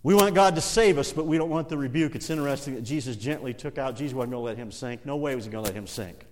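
An animated middle-aged preacher delivers a sermon in a mid-pitched man's voice. He laughs often between lines. His talk swings from quiet, low asides to loud, climbing passages. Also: quick pace. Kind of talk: evening sermon.

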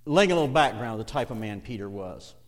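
An animated middle-aged preacher delivers a sermon in a mid-pitched man's voice. He laughs often between lines. His talk swings from quiet, low asides to loud, climbing passages. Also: quick pace. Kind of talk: evening sermon.

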